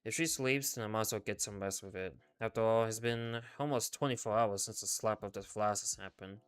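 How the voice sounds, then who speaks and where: A male streamer reading a game story aloud in first person, in a subdued, low-key way with casual swearing. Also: a little fast, fairly bright tone, clean tone. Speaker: VTuber streamer.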